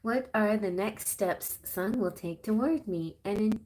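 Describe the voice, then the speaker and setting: A woman voicing a girlish, high-voiced young female client during a live-stream tarot reading. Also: slow pace, darkish tone, close to an everyday voice, low-quality recording. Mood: sweet.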